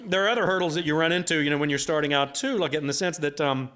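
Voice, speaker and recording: A man's voice: fairly high pitch, very fast, a bit bright, clear, resonant tone. A man, an author, telling stories to an audience in a rambling, self-deprecating way, full of repeated filler phrases. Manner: self-deprecating humor, laughs at his own jokes. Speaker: author speaking at a book event. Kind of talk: live storytelling talk to an audience.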